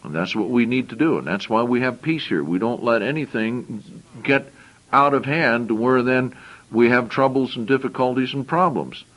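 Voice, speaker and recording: A male preacher with a mid-pitched voice delivers a sermon. He reads Bible verses aloud, then breaks off into casual, chatty explanation. He often repeats words and restarts phrases as he thinks aloud. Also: normal speed, fairly bright tone, poor audio. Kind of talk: sermon with scripture reading.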